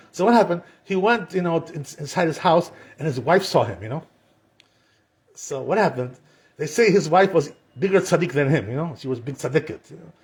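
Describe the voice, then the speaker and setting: High-voiced male rabbi, talkative storyteller teaching a casual lesson. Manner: chatty, peppered with "you know" and Hebrew terms, acts out quotes.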